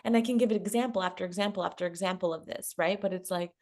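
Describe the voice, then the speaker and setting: Animated woman telling a story. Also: on the low side, very fast. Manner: animated, laughs often, acts out quotes. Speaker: love coach, guest. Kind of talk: casual storytelling in a conversation.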